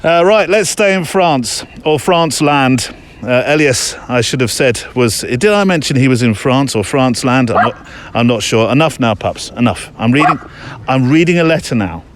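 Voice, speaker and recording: A man's voice: medium pitch, lively intonation, normal speed, slight background noise. A man hosting his show in a casual, rambling monologue while out on a muddy countryside walk, chatting and joking with his dog between thoughts. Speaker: podcast host.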